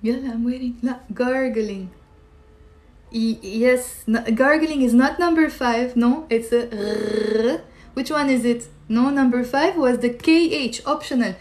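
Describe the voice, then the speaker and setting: A woman's voice: on the high side, slow, a little mellow. Chatty woman teaching a live lesson. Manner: chatty, quizzing viewers and answering comments. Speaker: Arabic teacher. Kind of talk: live-streamed language lesson.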